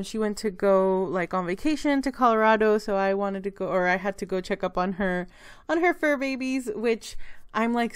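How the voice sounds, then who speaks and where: A young woman narrating a planner vlog in a chatty, rambling way, her voice a bit hoarse and breaking. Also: medium pitch. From Texas. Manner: chatty, rambling, with many fillers and restarts. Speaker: planner vlogger. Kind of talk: casual voice-over narration.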